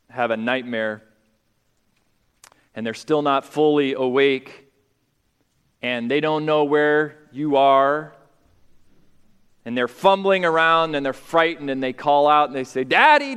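A male pastor preaching a sermon, climbing to loud, high emphatic peaks and then dropping quiet. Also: fairly even intonation, slow, long pauses, clean tone. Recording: long hall reverb.

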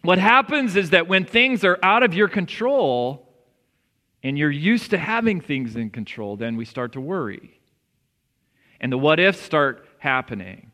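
Pastor, male, bright high voice, earnest conversational preaching, big church reverb. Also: lively intonation, a little slow. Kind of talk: sermon. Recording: long reverb of a church hall.

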